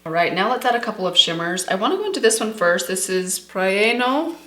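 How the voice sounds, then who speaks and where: A woman's voice: mid-range voice, big pitch swings, racing, bright, forceful tone. Chatty woman beauty vlogger, echoey room. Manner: chatty, enthusiastic, addresses viewers as "you guys". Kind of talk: casual makeup tutorial chat.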